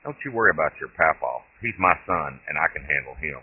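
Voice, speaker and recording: Guy doing a bossy old granny in a storybook reading, demanding, super deep husky voice. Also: expressive, a little fast, exaggerated voice. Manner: demanding, blunt. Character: bossy foul-mouthed old great-grandmother. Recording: tinny lo-fi phone-like audio.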